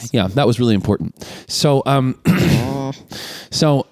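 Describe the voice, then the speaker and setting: This is a man of middle pitch talking through a film on a podcast. He tells the scenes in a loose, chatty way and jumps into voices for the characters. The recording is close and dry, with no room sound. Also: takes it slowly, gravelly, dry recording. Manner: animated retelling, acting out characters' lines. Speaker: podcast co-host. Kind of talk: casual movie recap chat.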